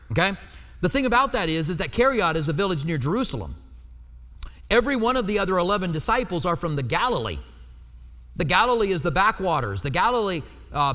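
A man with a notably high voice delivers a teaching sermon. He keeps it conversational and often checks in with the room. His words ring out with a long reverb in a church hall. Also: bright, forceful tone. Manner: conversational, asks the listeners to check in. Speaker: preacher.

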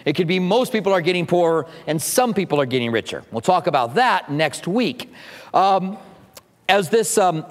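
A man delivering a sermon as pastor, teaching conversationally with humorous asides. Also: high voice. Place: church sanctuary. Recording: long hall reverb.

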